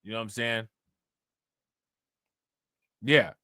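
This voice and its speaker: A man hosting a live reaction stream, talking loosely and laughing between chat shout-outs. His voice is bright and forward, recorded close and dry with no room sound. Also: on the low side, takes it slowly, no room sound. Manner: laid-back, laughs often, reads chat shout-outs. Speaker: livestream reaction host. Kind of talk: casual live-stream commentary.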